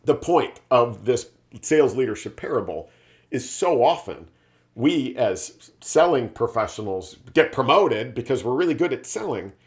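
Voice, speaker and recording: A man, a sales leadership speaker, telling a business parable in a casual storytelling style, often adding tag questions. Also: mid-range voice. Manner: chatty, frequent tag questions.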